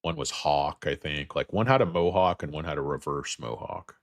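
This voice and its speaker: Man, extremely deep voice, hoarse, getting sick, crude rambling livestream host, dry sound. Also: moderate pace, no echo. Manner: rambling, crude, joking asides. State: losing his voice, feeling sick. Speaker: stock market livestream host. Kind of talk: casual livestream chat with viewers.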